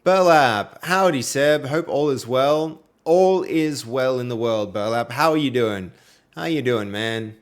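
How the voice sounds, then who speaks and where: A man's voice: medium pitch, a little slow. A young Australian man streaming while he codes, chatting casually with viewers and reading their messages aloud, with a friendly manner and plenty of fillers. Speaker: livestreaming programmer. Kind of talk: casual live-stream chat while coding.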